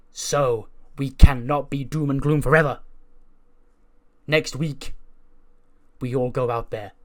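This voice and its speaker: A man's voice: mid-range voice, lightly acted. A man voicing a vain, self-absorbed female wrestling star who speaks pompously and praises others backhandedly.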